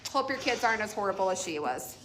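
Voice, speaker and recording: A woman's voice: medium pitch, animated, fast, a bit bright, a little hiss or hum. A middle-aged woman, a mother, telling a casual storytime about her teenage daughter, blunt and offhand, laughing often.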